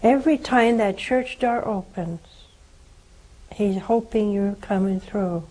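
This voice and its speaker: An older woman speaks slowly and gently as a nun hosting a religious call-in program. She counsels with tender, pleading warmth and lingers on her words. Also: mid-range voice, low-quality recording. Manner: slow, tender, preaching.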